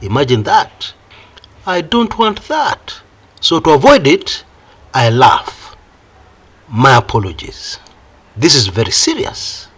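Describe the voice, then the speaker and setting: An older Kenyan man with a Kenyan accent giving solo political commentary in an emphatic, animated way, breaking into wry laughter between points. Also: mid-range voice, slow pace, long pauses, breathy edge.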